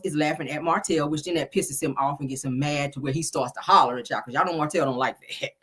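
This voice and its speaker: A woman's voice: low-pitched, a bit bright, slightly rough. A middle-aged woman, casually recapping a reality show, sassy and chatty, a bit congested from a cold. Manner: chatty, sassy, says "child" and "y'all" a lot. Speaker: reality TV review host.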